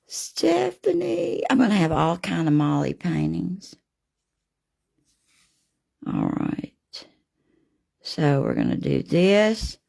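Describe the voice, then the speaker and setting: Slow, gravelly woman painting live. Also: low voice, huge pitch swings, a little mellow. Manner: homey and gushing, talks to viewers by name. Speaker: artist hosting a live painting session. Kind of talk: casual live painting demo with viewer chat.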